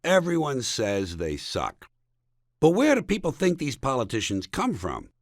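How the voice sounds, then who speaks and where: A man from the United States reads his own comic book in a studio. His delivery is sardonic and mocking, and he jabs home each punchline. His pitch swings widely from line to line, and the recording is close and dry. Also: wildly swooping pitch, measured pace, dry recording. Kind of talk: comic audiobook reading.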